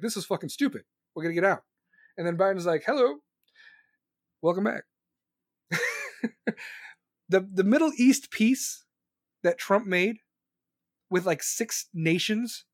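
A man hosting a podcast, ranting angrily about politics with constant swearing and shouted questions. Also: sits high, dry recording, studio quality. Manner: profane, furious, shouting questions. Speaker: podcast host. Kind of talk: angry political rant.

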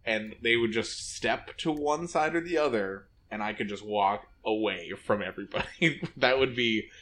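A man's voice: on the low side, moderate pace, a bit bright. A man co-hosting a comedy podcast, talking in a rambling, self-deprecating way and laughing often. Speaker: podcast co-host. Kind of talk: casual comedy chat.

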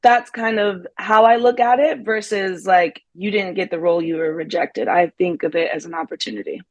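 A young adult actress talking casually in an interview, upbeat, laughing often and using lots of "like" fillers. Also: female voice, lowish voice, moderate pace, no echo. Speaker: guest actress.

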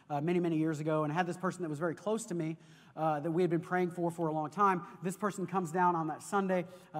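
High-voiced preacher in a reverberant hall. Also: male voice. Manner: animated storytelling preacher, repeats words. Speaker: pastor. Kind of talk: sermon. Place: church sanctuary. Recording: long reverb of a large hall.

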